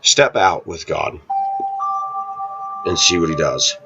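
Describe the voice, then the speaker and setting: A man with a very low voice talks casually to his viewers, rambling through a story and stopping often to clear his throat. The audio is muffled and lo-fi, like an old home video. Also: expressive, slow pace, over music. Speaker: vlogger. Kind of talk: casual monologue to camera.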